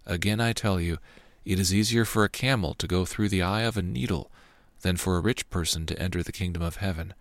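A man reading the words of Jesus as a grave, unhurried teacher. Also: low-pitched, no echo. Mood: solemn. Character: calm authoritative male teacher, Jesus.

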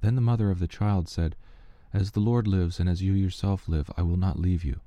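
Deep, dark-voiced man reading scripture. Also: no echo. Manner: steady, measured reading with small slips and restarts. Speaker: scripture reader. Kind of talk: unhurried Bible reading.

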